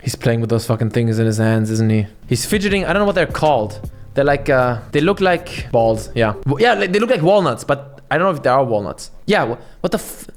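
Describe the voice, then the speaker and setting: With soft music playing behind him, a man gives profane reaction commentary on a video at a brisk pace. His pitch swings lively, and he keeps restarting his blunt, sweary rant.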